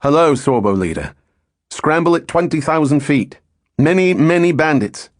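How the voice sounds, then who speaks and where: A man's voice: on the high side, expressive, moderate pace, dry recording, studio quality, pitched above the performer's own voice, close to an everyday voice. A man voicing a businesslike male RAF ground controller who gives clipped radio orders. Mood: urgent orders.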